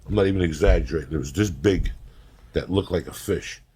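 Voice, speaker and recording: A man's voice: deep voice, fairly quick, mellow, slightly rough. A middle-aged man hosting a podcast, telling rambling, profane stories and laughing often as he goes. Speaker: podcast host. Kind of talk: casual podcast storytelling.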